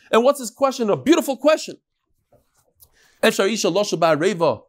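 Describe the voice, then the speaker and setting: A man teaching a Talmud lesson in an animated way, acting out the sages' exchanges and mixing in Hebrew and Aramaic terms. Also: high-pitched, fairly quick.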